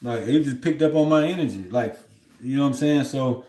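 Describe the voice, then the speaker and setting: A livestream host with a medium-pitched, warm voice talks briskly in a roomy-sounding space. He tells a long, loose, rambling story, often heated and aggrieved, dropping "you know what I'm saying" between thoughts.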